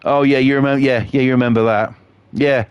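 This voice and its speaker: A man's voice: medium pitch, steady tone, fast, smooth, no room sound, highs cut off. A man, chatting on a live game stream in a sweary, rambling, jokey way. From England. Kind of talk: casual chat on a live stream.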